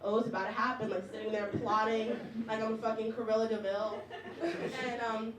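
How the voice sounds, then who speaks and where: Young woman doing stand-up, high voice, echoey room. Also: little pitch movement, moderate pace. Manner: chatty and self-mocking, with frequent likes and laughs. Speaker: stand-up comedian. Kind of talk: stand-up comedy set. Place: comedy club stage with audience. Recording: echoey room, mic heard from a distance, audience noise.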